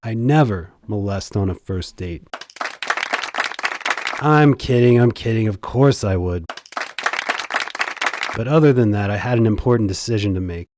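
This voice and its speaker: A man giving a scripted comic narration in the first person, deadpan and sardonically boastful. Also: fairly low pitch, normal speed, crowd noise, background noise.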